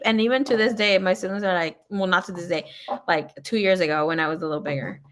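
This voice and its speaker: A woman's voice: lowish voice, fairly quick, fairly bright tone. A woman tarot reader chatting casually on a livestream, telling rambling stories full of swearing and laughter. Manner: chatty, profane storytelling; laughs often.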